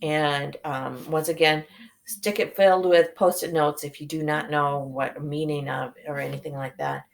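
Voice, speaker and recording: A woman's voice: low voice, fairly even intonation, normal speed, vocal fry. A woman teacher reading a novel aloud to her class, talking hesitantly with many fillers and self-corrections.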